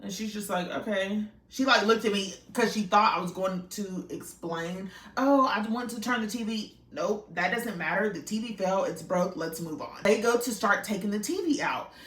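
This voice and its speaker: A woman's voice: medium pitch, normal speed, few pauses, fairly bright tone. Young woman, storytime vlog, rambling, emotional, swears, roomy echo, distant mic. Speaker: vlogger telling a story.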